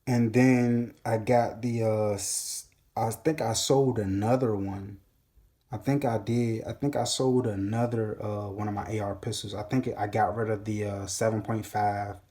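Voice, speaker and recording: A man's voice: lowish voice, fairly even intonation, measured pace, mellow. A man hosting his own gun channel, telling a rambling storytime recap in a casual, profane way, full of fillers and restarts.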